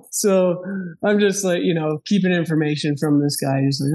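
Guy telling a hunting story, laughs a lot, acts out everybody, voice on the higher side. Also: unhurried, pauses often. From Wyoming. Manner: animated, laughing, acts out dialogue. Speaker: podcast guest. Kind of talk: casual storytelling.

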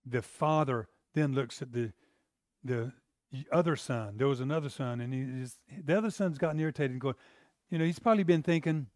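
A man's voice: mid-range voice, fairly quick, a little mellow, no room sound, clean studio sound. A man preaching a sermon as pastor, in an emphatic, exclamatory, conversational way.

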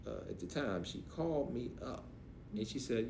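Animated middle-aged pastor telling stories. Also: male voice, mid-range voice, normal speed. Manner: animated, acts out voices, casual dialect grammar. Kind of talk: storytelling in a podcast interview. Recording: roomy echo, faint noise.

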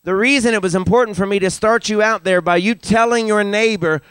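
Older male preacher, animated pulpit delivery, clean resonant tone, close and dry. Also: normal speed, hardly any pauses, clear, resonant tone, no room sound. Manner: animated, rising in pitch and volume for emphasis. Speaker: pastor. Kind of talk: sermon. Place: church sanctuary.

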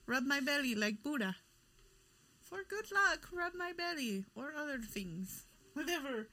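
A woman's voice: sits high, animated, a little slow, pushed and bright, dry recording. A woman chatting casually as a co-host, joking crudely and laughing constantly. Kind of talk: casual chat.

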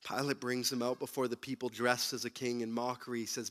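A man preaching a sermon who retells the story dramatically, moving between loud bursts and hushed, low passages. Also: brisk, few pauses. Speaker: pastor.

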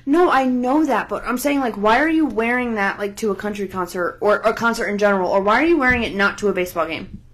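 A woman from the Northeastern US with a slight Northern accent, co-hosting a podcast in blunt, opinionated casual chat. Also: medium pitch. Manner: blunt, opinionated, quick to complain. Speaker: podcast co-host.

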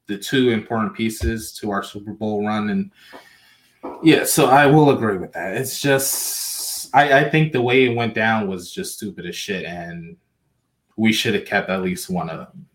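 A man co-hosting a casual sports podcast, talking in halting bursts with restarts and slightly slurred words. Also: lowish voice. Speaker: podcast co-host.

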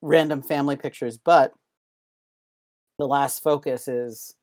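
Podcast co-host, casual chat, short agreements and relaxed explanations. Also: mid-range voice, measured pace. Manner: brief agreeing interjections and easy explanations.

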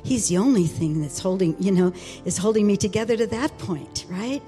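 A woman in her sixties giving a personal testimony, earnest and halting, with many fillers and restarts. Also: mid-range voice, animated, dark tone, faint music behind. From Alaska. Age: 60s. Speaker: speaker sharing testimony.

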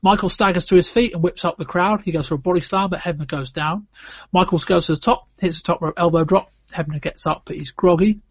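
A man's voice: high voice, a little fast, slightly rough, no room sound, dull audio. A man from the UK hosting a podcast, giving a wry, matter-of-fact play-by-play recap of a wrestling match. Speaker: podcast host.

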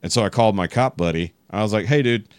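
A man's voice: fairly low pitch, quick pace, clean tone, no echo. A man from Texas telling a long exasperated story in casual podcast chat, swearing freely. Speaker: podcast guest.

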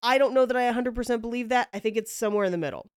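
Woman, podcast host, casual storytelling, animated, clear smooth voice, dry close sound. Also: on the high side, rapid-fire, dry recording. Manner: animated, acts out quotes, laughs often.

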